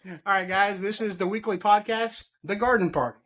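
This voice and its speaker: A man's voice: high voice, moderate pace, a bit bright. A man hosting a casual gardening podcast, rambling and joking with his guests. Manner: rambling, jokey, laughs often. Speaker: podcast host.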